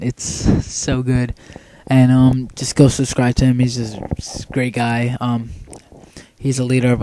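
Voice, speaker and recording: A man's voice: medium pitch, dark tone, no room sound. A young man giving casual, rambling commentary over a game he played, full of ums and offhand swearing. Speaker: gameplay commentator.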